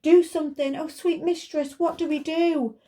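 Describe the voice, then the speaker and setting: A woman voicing a fussy, defensive magic lamp in a children's story, in a huffy high voice. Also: steady tone, normal speed, dark tone, lightly acted. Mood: panicked. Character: fussy, touchy magic lamp, prone to excuses.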